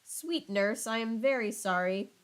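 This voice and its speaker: A woman's voice: mid-range voice, measured pace, smooth, close to an everyday voice. A woman voicing a lovestruck teenage girl who is eager and exasperated. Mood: impatient. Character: impatient young girl in love.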